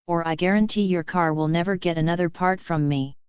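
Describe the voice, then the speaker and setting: A woman voicing a laid-back, smooth-talking male mechanic with a dry, unflappable manner in a storybook reading. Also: lowish voice, brisk, no echo, lo-fi sound, natural voice.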